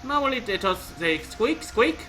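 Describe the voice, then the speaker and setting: A man voicing a spiteful, mocking young woman in a shrill, high-pitched, taunting voice. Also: big pitch swings, normal speed, bright, forceful tone, faint music behind, heavily acted, poor audio.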